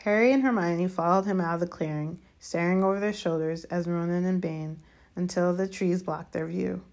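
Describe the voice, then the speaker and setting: A woman reading a children's fantasy chapter aloud as narrator, steady and measured. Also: fairly low pitch. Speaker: audiobook reader. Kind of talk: storybook narration.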